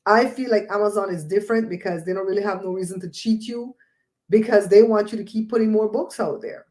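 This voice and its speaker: A woman hosting a casual livestream chat, animated and preachy, with a mellow voice, often laughing. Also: mid-range voice, a little fast. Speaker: host.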